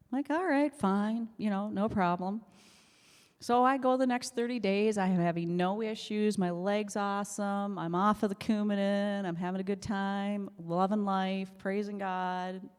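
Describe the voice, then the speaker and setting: A woman telling her story in church, animated, acting out conversations and often laughing. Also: mid-range voice. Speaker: church member giving testimony. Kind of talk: storytelling testimony. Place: church sanctuary. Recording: long church hall reverb.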